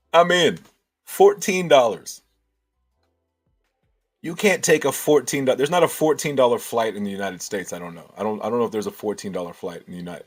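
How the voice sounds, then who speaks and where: A man's voice: lowish voice, husky. A man hosting a casual livestream, thinking aloud and answering chat with many restarts.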